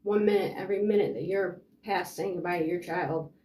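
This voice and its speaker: A woman's voice: lowish voice, fairly even intonation, fairly quick, warm tone. Frustrated woman telling her story, roomy echo. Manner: rambling and frustrated, full of fillers. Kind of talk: personal storytelling.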